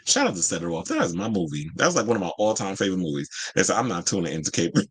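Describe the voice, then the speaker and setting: A man from Georgia hosts a casual entertainment chat. His pitch swoops up and down as he talks, slangy and full of asides. He laughs easily and keeps a loose, gossipy flow. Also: very fast, gravelly, slightly rough. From Georgia, USA. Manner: animated, chatty, laughs often, slangy asides. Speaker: host.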